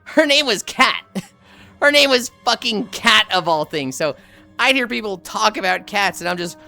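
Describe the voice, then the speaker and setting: A woman livestreaming while walking, telling a story casually to chat, animated and swearing freely. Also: mid-range voice, a little slow, soft background music.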